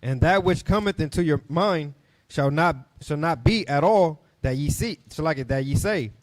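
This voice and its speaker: A man reading Bible verses aloud, steady and formal. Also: fairly high pitch, normal speed, dry recording. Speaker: scripture reader.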